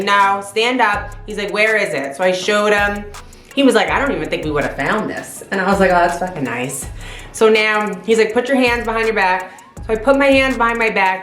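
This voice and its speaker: Female vlogger, animated storyteller with a loose, profane delivery; roomy recording with faint music. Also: mid-range voice. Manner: animated, swears freely. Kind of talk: casual storytelling.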